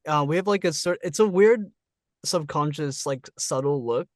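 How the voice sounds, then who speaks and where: A man hosting a casual interview over a video call, relaxed, laughing often and using many fillers. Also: a little high, moderate pace, dry recording, studio quality. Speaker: interview host.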